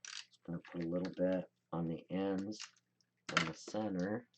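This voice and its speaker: A woman's voice: rumbling low, steady tone, measured pace, heavy background noise. A woman hosting a card-making tutorial, chatting casually and thinking aloud as she works. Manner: chatty, rambling, thinks aloud while working. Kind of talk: casual crafting demonstration.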